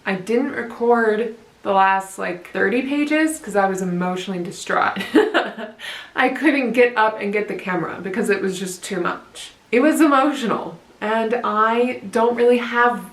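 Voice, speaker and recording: A woman's voice: a little high, unhurried, reverberant, low-quality recording. A young woman in her twenties recording a casual book reaction vlog at home, chatty and emotional, often laughing between lines. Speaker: book vlogger. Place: home room. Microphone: camera at close range.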